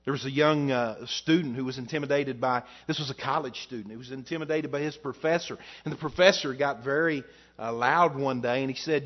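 Male preacher, sermon delivery, rhetorical questions, rising and dropping loudness, mid-pitched, slightly muffled recording. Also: a little fast. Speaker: pastor.

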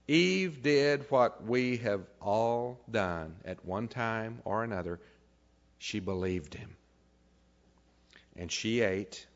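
A man's voice: fairly low pitch, animated, takes it slowly. A man preaching a sermon, reading scripture aloud and then building into emphatic preaching. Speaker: pastor. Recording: dull lo-fi recording.

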